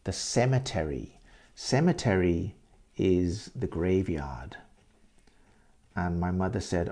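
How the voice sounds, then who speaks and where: A man's voice: sits low, slow, long pauses, warm tone. A man telling a ghost story as an English teacher, often repeating words and explaining vocabulary for learners.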